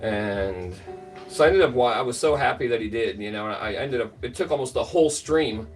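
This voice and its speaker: A man's voice: mid-range voice, lively intonation, a little fast. Middle-aged man, livestream host, rambling casual storytelling, lots of ums, slightly distant mic, faint music behind. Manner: rambling, filler-heavy, greets chat by name.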